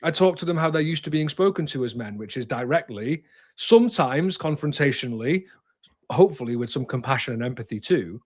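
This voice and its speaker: A man's voice: mid-range voice, expressive, a little fast. A man in his thirties, a therapist, speaking candidly in an interview, direct and emphatic, sometimes swearing and restarting his sentences.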